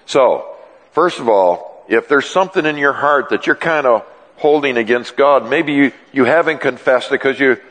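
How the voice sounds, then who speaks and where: A male pastor preaching a sermon in an animated, joking way, often acting out dialogue. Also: medium pitch, normal speed. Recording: long reverb in a large hall.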